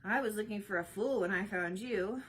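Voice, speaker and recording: A woman voicing a gloomy, sardonic man who speaks in a slow, dry, exasperated way. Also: medium pitch, husky, close to an everyday voice, low-quality recording.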